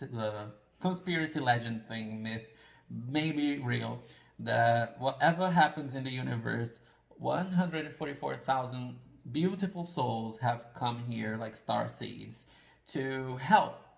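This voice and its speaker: A man's voice: medium pitch, gravelly, echoey room, low-quality recording. A man giving a casual pick-a-card tarot reading, talking in a rambling, confessional and self-deprecating way.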